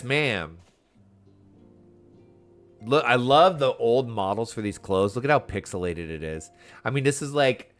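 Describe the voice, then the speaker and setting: A man's voice: medium pitch, fairly bright tone. A man giving casual, openly emotional commentary while he plays a story game, chatty and full of filler words. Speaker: gaming streamer. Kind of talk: casual let's-play commentary. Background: faint game music.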